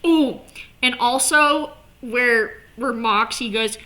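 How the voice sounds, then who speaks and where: Woman vlogging, fairly high voice that swoops around a lot, animated casual rambling, drops a few swears. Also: measured pace. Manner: animated, swearing, with many "like" fillers. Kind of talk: casual chat to camera.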